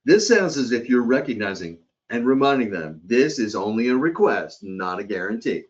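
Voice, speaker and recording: A man's voice: medium pitch, big pitch swings, normal speed, few pauses. A man presenting a live hospitality training webcast in a conversational way, often checking in with his listeners. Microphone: computer or headset mic on a webcast. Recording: dull lo-fi webcast audio.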